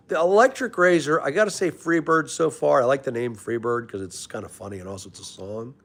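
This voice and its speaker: A young man hosting a live stream, casually greeting chatters by name and calling them brother. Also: on the high side. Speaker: livestream host reading chat.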